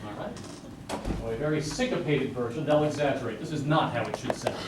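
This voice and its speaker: A man's voice: mid-range voice, a little fast. A man giving a lecture recital, explaining music to an audience and counting beats aloud. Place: recital hall. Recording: echoey hall from far off, noisy.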